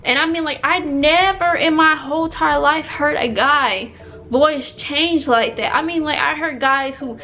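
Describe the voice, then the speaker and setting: A woman's voice: high voice, a little slow, pushed and bright. A young woman telling a storytime vlog in a chatty, emphatic way, packed with fillers. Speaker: vlogger.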